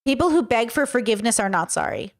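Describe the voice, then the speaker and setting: A woman's voice: on the high side, animated, quick pace. A woman hosting a podcast, talking frankly and casually with her chat, swearing now and then. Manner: chatty, frank, swears, acts out quoted speech. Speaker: podcast host. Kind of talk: casual commentary reacting to chat.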